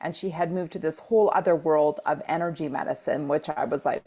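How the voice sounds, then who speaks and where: Woman with a low gravelly voice. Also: a little fast. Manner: animated, acts out quoted dialogue with repeated exclamations. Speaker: podcast co-host. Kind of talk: casual storytelling chat.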